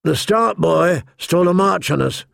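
A man's voice: sits high, animated, normal speed, vocal fry, a bit bright, no echo, studio quality, pitched above the performer's own voice, full character voice. A man voicing a cocky, blunt male sellsword in a storybook reading. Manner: mocking, blunt.

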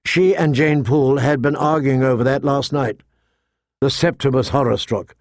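A man narrating an audiobook in a measured, expressive storytelling manner. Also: medium pitch, dry recording, clean studio sound. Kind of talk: audiobook reading.

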